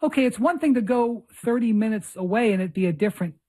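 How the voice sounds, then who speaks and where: A man hosting a podcast who tells an animated anecdote and acts out the lines of the people in it. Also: high-pitched, fast talker. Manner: animated anecdote telling, acting out dialogue. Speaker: podcast host. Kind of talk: casual podcast chat.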